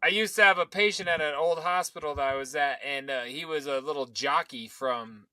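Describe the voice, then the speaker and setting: A man's voice: on the high side, a little fast, sharp tone, no echo. A man co-hosting a podcast, joking crudely and telling stories in casual chat. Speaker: podcast co-host.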